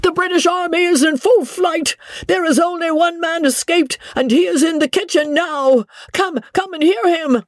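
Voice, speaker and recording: A man voicing a panicked male French valet who shrieks the bad news in a shrill, frantic voice. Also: normal speed, no echo, studio quality. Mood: alarmed.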